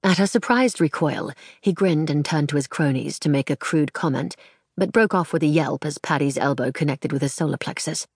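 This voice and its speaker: Brief: audiobook narrator, woman with a deep voice, even and measured. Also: slightly rough, no room sound, studio quality. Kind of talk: scripted narration.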